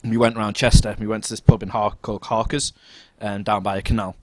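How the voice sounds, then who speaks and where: A man's voice: lowish voice, fast talker, noisy background. A man co-hosting a podcast, telling a drunken night-out story in casual chat, laughing and mimicking other people's voices. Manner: animated, laughs through anecdotes, mimics voices. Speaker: podcast co-host.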